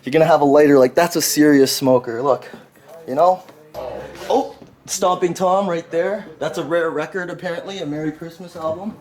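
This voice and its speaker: A man casually showing viewers around a shop, chatty and quick to laugh. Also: a little high, a little mellow. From Canada. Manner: chatty, laughs often, uses "check this out". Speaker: vlog host touring a shop. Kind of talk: casual walkthrough chat.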